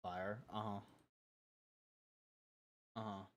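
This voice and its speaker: A young man is livestreaming, chatting casually in a loose, rambling way full of fillers and frequent laughter. His voice is fairly low and flat, and he speaks extremely slowly.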